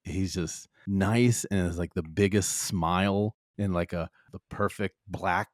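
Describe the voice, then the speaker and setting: A man's voice: low-pitched, fairly even intonation, unhurried, no echo, clean studio sound. A man co-hosting a podcast in casual chat, rambling and swearing freely. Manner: rambling, swears freely, laughs at own stories. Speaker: podcast co-host.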